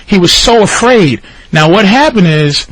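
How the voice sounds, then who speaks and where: A man telling a long story on a radio talk show, profane and animated, jumping into high shouting voices for the people he quotes. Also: measured pace, no room sound. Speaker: guest storyteller.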